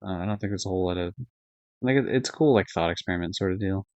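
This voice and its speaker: A man's voice: low voice, quick pace, a little mellow, no echo. Young male streamer, loose and rambling with fillers and swearing, lo-fi dull recording. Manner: rambling, swearing, lots of fillers and self-corrections. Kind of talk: casual live-stream game review. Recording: dull lo-fi dry stream audio.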